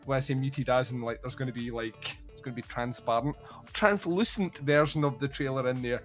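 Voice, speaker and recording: A man's voice: mid-range voice, fairly bright tone. A man hosting a podcast, chatting casually and animatedly, swearing and acting out movie scenes. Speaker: podcast host. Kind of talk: casual chat.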